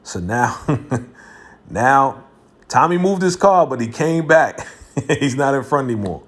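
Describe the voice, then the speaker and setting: A man's voice: mid-range voice, expressive, slow. A man hosting his own video, recapping a TV episode in a slangy, casual way and laughing between lines. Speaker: video host reviewing a TV episode.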